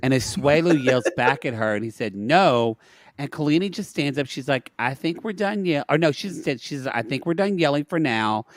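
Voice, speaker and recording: Animated male podcast host. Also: fairly high pitch, a little fast, hardly any pauses, dry recording, clean studio sound. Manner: animated retelling, quoting scenes. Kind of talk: casual recap chat.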